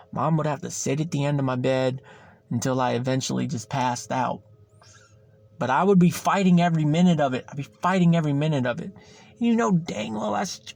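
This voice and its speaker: A man's voice: on the high side, vocal fry, a little mellow, no room sound. A young man hosting a podcast, chatting casually and rambling, repeating himself and swearing freely. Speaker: podcast host. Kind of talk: casual solo chat.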